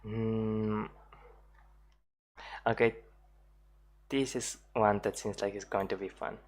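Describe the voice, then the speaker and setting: Very deep-voiced woman streamer. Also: fairly even intonation, slow pace, darkish tone. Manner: chatty, laughs often, many fillers. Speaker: streamer reacting to clips. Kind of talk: casual live-stream commentary.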